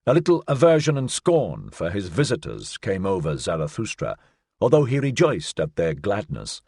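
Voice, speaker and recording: A man narrating an audiobook in a measured, formal reading. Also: fairly low pitch, darkish tone, dry recording, studio quality.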